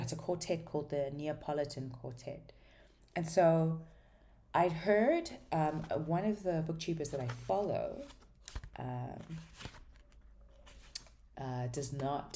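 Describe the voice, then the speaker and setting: A woman with a strikingly low, mellow voice talks through her new books in a casual vlog. She rambles warmly from title to title, stumbling over restarts and filling gaps with ums, and is clearly eager to read them. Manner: enthusiastic about books. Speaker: book vlogger. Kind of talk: casual book haul chat.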